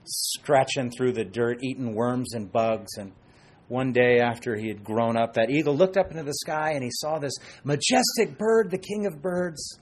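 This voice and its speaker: Husky, animated male pastor preaching. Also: medium pitch, normal speed. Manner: animated, dips to soft asides, acts out quoted voices. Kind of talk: sermon.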